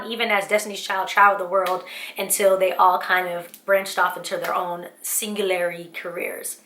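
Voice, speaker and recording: Bright-voiced woman host, echoey room. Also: medium pitch. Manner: earnest, upbeat, uses Southern-US slang like y'all. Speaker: motivational vlog host. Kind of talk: casual faith-based encouragement talk.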